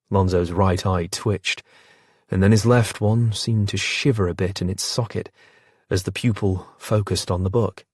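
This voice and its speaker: A man narrates an audiobook in a measured, steady voice. His voice is low and somewhat husky. The recording is dry and close. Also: no echo. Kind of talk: scripted narration.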